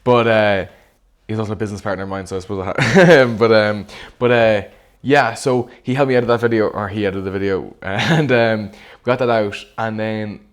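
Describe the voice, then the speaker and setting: A man's voice: lowish voice, normal speed. A young Irish man hosting a podcast, telling stories in an easygoing way with plenty of fillers. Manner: easygoing storyteller, many fillers. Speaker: podcast host. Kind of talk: casual chat.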